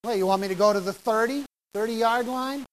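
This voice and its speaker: A man acting out a young male football player who questions his coach quickly and doubtfully. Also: very high voice, a little hiss or hum, pitched above the performer's own voice.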